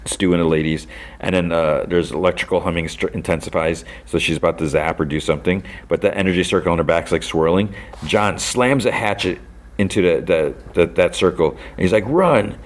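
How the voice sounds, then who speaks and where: A man with a very low voice hosts a podcast and recaps a show in a loose, rambling way. He leans on "like" and restarts his sentences, and he briefly acts out the characters' lines as he goes. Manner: rambling retelling full of "like" and restarts, acting out quoted lines. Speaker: podcast host. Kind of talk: casual episode recap.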